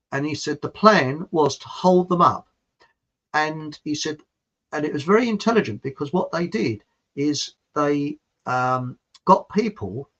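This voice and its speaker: A man's voice: on the high side, a bit bright. A man telling a long story in a casual, meandering way, with frequent restarts. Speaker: channel host telling a story. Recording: dull lo-fi home recording.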